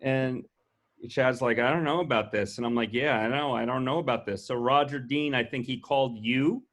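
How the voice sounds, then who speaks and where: Animated male storyteller acting out quotes. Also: mid-range voice, normal speed. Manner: animated, acts out quoted dialogue. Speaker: festival co-founder guest. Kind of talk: casual anecdotal storytelling.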